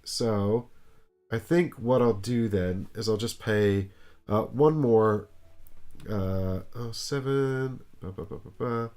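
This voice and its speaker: A man's voice: fairly low pitch, slow pace, darkish tone. A man hosting a casual board game play-through, thinking aloud and joking as he plays. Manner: thinks aloud while playing, playful. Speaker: board game show host.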